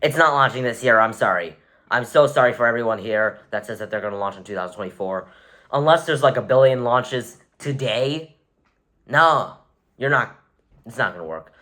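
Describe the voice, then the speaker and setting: A man's voice: medium pitch, expressive, moderate pace, bright, forceful tone. Offhand, wry male vlogger. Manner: wry, offhand, sarcastic asides; rambling with self-corrections. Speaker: vlogger rating rockets. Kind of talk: casual tier-list commentary.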